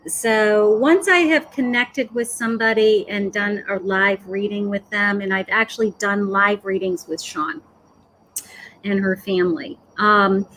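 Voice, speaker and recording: A woman psychic medium giving a live-streamed reading, gentle and hesitant, filling pauses with "okay" and "um". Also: mid-range voice, slight background noise, low-quality recording. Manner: slow, hesitant, full of "okay" and "um".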